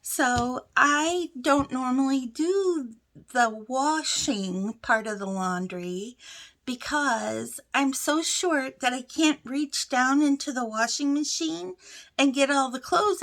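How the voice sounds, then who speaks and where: A woman's voice: high voice, slow, a bit bright. A middle-aged woman chatting to camera as a crochet vlogger, telling stories in a folksy way with frequent laughs and asides. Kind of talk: casual chat to camera.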